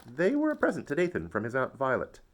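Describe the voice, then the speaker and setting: A man's voice: mid-range voice, wildly swooping pitch, fast talker, voice pushed up. A man voicing a grown neighbor's mother in a read-aloud children's story, questioning and suspicious.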